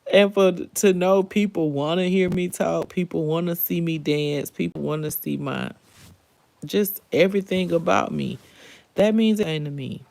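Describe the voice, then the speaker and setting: Gravelly-voiced woman hosting a live stream. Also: fairly low pitch, normal speed, a little mellow. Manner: candid, emotional, talks straight to viewers. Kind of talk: casual live-stream chat.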